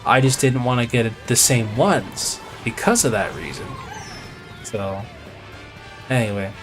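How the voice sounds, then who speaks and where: A man chats casually to his viewers as he plays, telling a rambling, exasperated story peppered with mild swearing. His voice sits at an ordinary middle pitch, and faint video game music plays in the background. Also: a little slow. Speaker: gaming live streamer. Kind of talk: casual chat while playing.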